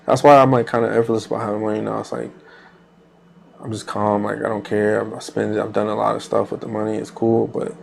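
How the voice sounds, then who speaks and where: A man's voice: on the low side, monotone, a little fast, vocal fry, darkish tone, slight background noise. A man hosting a trading channel, talking casually while he trades live, rambling loosely with repeated phrases and fillers.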